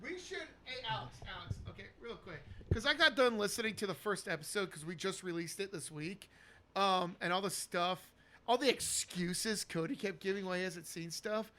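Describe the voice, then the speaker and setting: A man's voice: high voice, normal speed, bright, forceful tone, a little hiss or hum. A man co-hosting a casual movie podcast, talking enthusiastically, laughing often and acting out favorite quotes. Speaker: podcast co-host. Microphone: podcast microphone.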